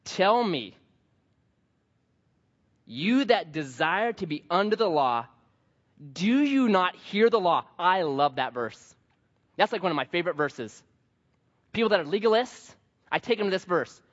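A man in his thirties preaches with a fairly high, lively voice that swings from loud, drawn-out exclamations down to near-murmurs. He acts out the voices of the people in his stories. The sound is a bit muffled and rings with a long hall reverb. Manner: animated storytelling, acts out voices. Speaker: pastor. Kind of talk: sermon.

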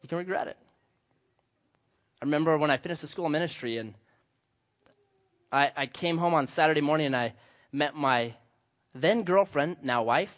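A middle-aged man preaching a sermon as pastor, telling stories with animated quoted voices. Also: on the high side, normal speed, pauses often, highs cut off.

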